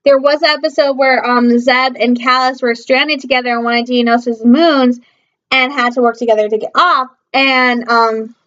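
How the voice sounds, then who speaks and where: High-voiced, excitable young woman from Michigan. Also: moderate pace, clean tone. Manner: excitable, gushing, many fillers, bursts into squeals. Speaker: fan vlogger. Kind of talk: casual rambling fan review. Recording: dull lo-fi audio.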